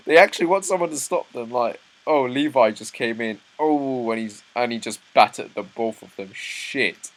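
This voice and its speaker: A young man reading a comic chapter aloud, breaking off into excited asides and stumbling over words. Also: mid-range voice, measured pace, poor audio. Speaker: manga reaction host. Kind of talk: live reaction read-through.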